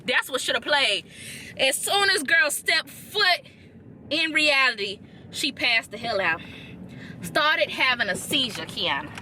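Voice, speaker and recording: A young woman chatting casually in a reaction vlog, animated, slangy and blunt, with playful trash talk. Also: high voice, measured pace, slight background noise. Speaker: reaction vlogger. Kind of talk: casual chat.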